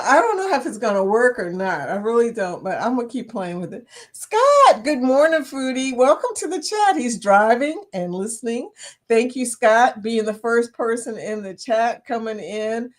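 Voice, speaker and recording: A woman's voice: a little high, animated, normal speed. A woman with a Southern US accent hosting a casual livestream, chatty, laughing often and greeting viewers by name. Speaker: livestream host.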